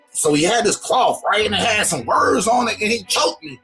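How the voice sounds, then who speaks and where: Brief: male host, high voice, wildly lively, joking commentary in slang. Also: fairly quick, soft background music. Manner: slangy, animated. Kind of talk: comedic commentary reading a text.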